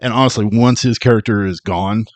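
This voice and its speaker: A man's voice: fairly low pitch, a little fast, no room sound. A man co-hosting a movie podcast, chatting casually and enthusiastically, often laughing and restarting words. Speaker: podcast co-host.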